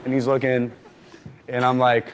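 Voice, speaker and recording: A man on a talk show telling an excited story with lots of energy. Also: mid-range voice, moderate pace, very noisy. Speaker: guest.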